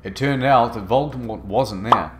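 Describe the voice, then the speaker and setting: A man narrating a fanfic as a comedic dramatic reading, in a mock-earnest deadpan. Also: medium pitch, moderate pace, a loud crowd.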